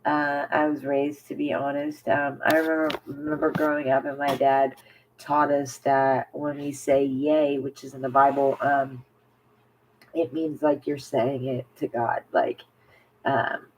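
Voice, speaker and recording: A woman's voice: extremely low pitch, little pitch movement, unhurried, a little hiss or hum, poor audio. A woman talking candidly to camera in a casual personal vlog, rambling with many fillers. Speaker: vlogger.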